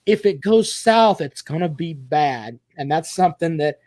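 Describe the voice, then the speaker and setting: High-voiced opinionated man hosting sports talk. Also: lively intonation, unhurried, a little mellow, no room sound. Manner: opinionated, explains at length. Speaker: podcast host.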